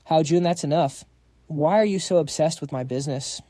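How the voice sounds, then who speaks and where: A man reads as a cocky, smug young rich guy who teases everyone. The voice is mellow and slightly high. It is recorded close and dry. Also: moderate pace, no echo, natural voice. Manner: smug and teasing.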